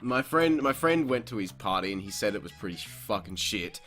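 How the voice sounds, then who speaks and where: A young man hosts a podcast and tells a long story in a casual, animated way. He swears a lot and breaks into laughter. His voice is bright and forceful, and a little music plays behind him. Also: on the low side, normal speed. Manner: profane, animated, laughs often. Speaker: podcast host.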